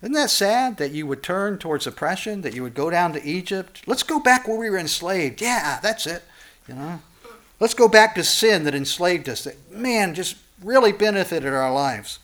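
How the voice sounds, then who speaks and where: Impassioned man preaching, higher voice. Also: expressive, normal speed. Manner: impassioned, voice climbing high and loud on warnings then dropping low and soft. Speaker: pastor. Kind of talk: sermon with scripture reading.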